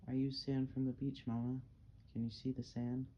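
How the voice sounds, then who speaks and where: A man's voice: mid-range voice, little pitch movement, normal speed, mellow, lightly acted. A young man voicing a curious small boy in his own plain reading voice, recorded dull and lo-fi. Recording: dull lo-fi, faint hiss.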